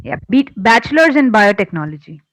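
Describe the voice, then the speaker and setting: A young woman in her twenties with an Indian accent, an online English tutor who asks polite, measured follow-up questions on a video call. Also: medium pitch, very animated, fairly bright tone, no room sound, rough recording. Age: 20s. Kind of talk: casual video-call conversation.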